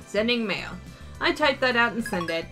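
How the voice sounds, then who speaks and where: A woman's voice: a little high, animated, moderate pace, bright, forceful tone, faint music behind. A woman hosting a let's play, reading a visual novel aloud with chatty, wry asides.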